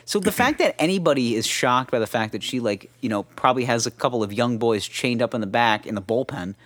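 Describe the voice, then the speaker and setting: A man's voice: medium pitch, expressive, a little fast, fairly bright tone. A young man co-hosting a podcast, joking and rambling in crude casual chat. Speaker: podcast co-host.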